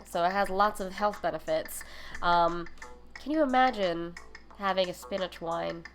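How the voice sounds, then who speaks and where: A woman's voice: on the low side, measured pace. A woman hosting a cooking livestream, talking casually with many fillers and giggly asides. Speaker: cooking stream host. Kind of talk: casual educational livestream talk.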